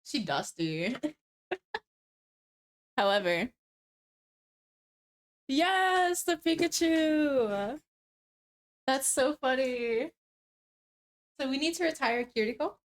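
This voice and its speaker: A woman in her twenties chats casually on a live stream while working on a cosplay, with a slightly high voice. She rambles through stories, full of fillers and little laughs. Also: lively intonation, slow, pauses often. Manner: giggly, rambling storyteller with frequent laughs and fillers. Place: home room while crafting. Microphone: streaming setup.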